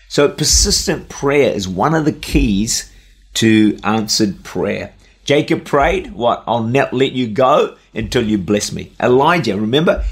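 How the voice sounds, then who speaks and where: A man's voice: medium pitch, vocal fry. Earnest male radio preacher. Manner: earnest storytelling, slows for emphasis. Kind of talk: radio sermon.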